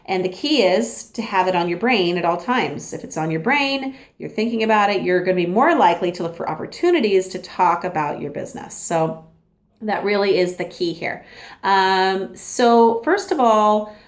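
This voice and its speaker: A woman's voice: medium pitch, lively intonation, normal speed. A woman giving a casual, upbeat training talk as a sales consultant, chatty and acting out little dialogues. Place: home.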